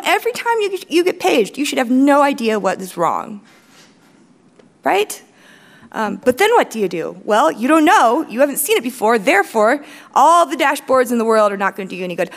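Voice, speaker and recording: Blunt, animated woman giving a conference talk. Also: sits high. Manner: blunt, profane, fast-talking with self-mocking asides. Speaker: conference speaker, company CEO. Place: large conference hall stage.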